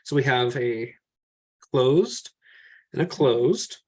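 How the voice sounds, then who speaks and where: A man's voice: medium pitch, animated, takes it slowly, husky. Man, teacher, mid-range voice, patient, step-by-step, thinking aloud. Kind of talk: classroom teaching over slides.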